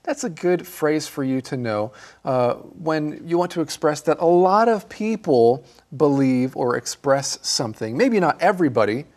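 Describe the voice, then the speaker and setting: A man's voice: fairly high pitch, animated, moderate pace, darkish tone. A man co-hosting an English lesson, explaining phrases in a friendly, emphatic way. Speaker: English teacher, co-host. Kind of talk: scripted language lesson.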